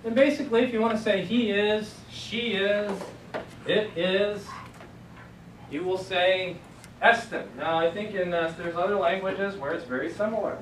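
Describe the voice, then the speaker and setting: A man with a high-pitched voice teaches a Bible Greek class at a moderate pace, joking, encouraging students and thinking aloud. The lecture is captured by a distant mic in an echoey, noisy room.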